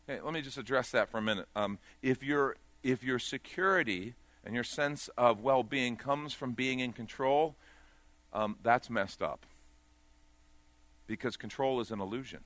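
A man preaching a sermon in a church service, rising to loud emphatic peaks and falling to quiet, pressing the congregation with direct questions. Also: mid-range voice, dry recording. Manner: swells loud then drops to a hush, direct questions to the congregation. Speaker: pastor.

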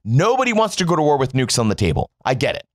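A man's voice: medium pitch, wildly swooping pitch, fast talker, dry recording, studio quality. A man giving a sarcastic, mocking political rant, emphatic and swearing freely. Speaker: commentator.

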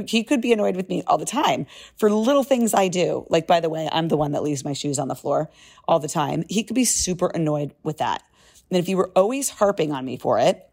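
A middle-aged woman talks through a book summary in a casual, emphatic way. Her voice sits on the low side, and she breaks into animated asides.

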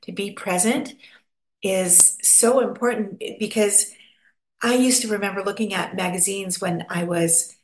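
A woman's voice: mid-range voice, measured pace. An American woman from Pennsylvania, a guest chatting expressively in a casual interview. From Pennsylvania, USA. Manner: expressive, chatty, acts out little quoted voices. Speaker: podcast guest. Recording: roomy echo.

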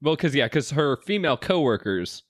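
A man's voice: mid-range voice, sing-song, moderate pace, dry recording, studio quality. A man co-hosting a casual podcast, laughing easily and retelling the plot in a rambling way. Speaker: podcast co-host. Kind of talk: casual chat.

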